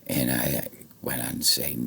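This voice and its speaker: Very deep gravelly man, rambling rant. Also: little pitch movement, measured pace, slight background noise. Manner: profane, veers between muttering and shouting. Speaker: vlogger. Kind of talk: rambling monologue to camera.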